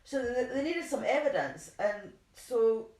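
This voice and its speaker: A woman's voice: on the high side, lively intonation, measured pace, a little mellow. A woman co-hosting a true crime podcast, reading case notes in a casual, chatty way and laughing easily. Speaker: podcast co-host. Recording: roomy home recording.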